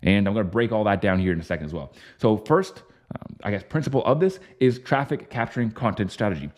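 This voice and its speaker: A young man who works as a business coach, pitching his system in a fast, confident, sales-like way with frequent ums and uhs. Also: lively intonation. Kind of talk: scripted-style pitch to camera.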